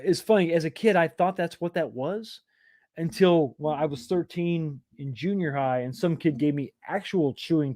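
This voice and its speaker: Chatty man, slightly high voice. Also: darkish tone, no echo, clean studio sound. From East Texas, USA. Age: 40s or 50s. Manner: rambling, self-deprecating, chuckling asides. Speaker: live stream host. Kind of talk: casual live chat reading comments.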